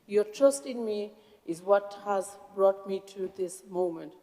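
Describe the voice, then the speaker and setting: A woman with a Greater Manchester accent gives a formal acceptance speech in a council chamber. Her voice sits at a middling pitch, and she is moved, stopping often to restart her words. A long hall reverb trails behind her. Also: mellow. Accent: English, Greater Manchester. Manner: emotional, halting, with restarts. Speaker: incoming civic mayor.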